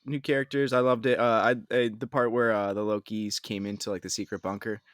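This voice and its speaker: A man co-hosting a podcast, chatting casually and excitably about a TV episode, with lots of "like" fillers. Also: on the low side, fairly quick, dry recording, studio quality. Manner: excitable, filler-heavy, says "like" a lot. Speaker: podcast co-host. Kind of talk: casual TV recap chat.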